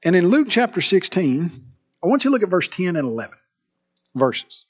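A man preaching a sermon, telling an illustrative story and reading scripture, animated and dropping to hushed tones. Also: high-pitched, normal speed, breathy edge.

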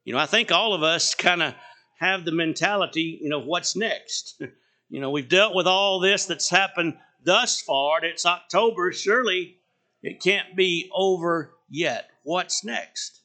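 A middle-aged man preaching a sermon in a high, bright voice. He takes his time, leaning hard on key phrases and letting each line trail off low. He often throws rhetorical questions at the congregation. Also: unhurried. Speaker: pastor.

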